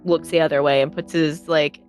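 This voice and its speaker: A woman's voice: low-pitched, flat delivery, brisk, a little mellow, soft background music. Woman narrating a tabletop game. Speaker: game master. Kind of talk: narrating a tabletop role-play.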